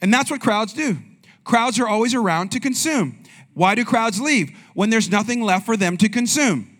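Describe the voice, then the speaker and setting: A man with a notably high voice preaches in a loose, talky way, firing questions at the congregation and bouncing between jokes and scripture. He sounds like a young adult pastor speaking from the pulpit. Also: lively intonation, moderate pace, fairly bright tone. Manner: conversational, asks the congregation questions. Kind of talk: sermon.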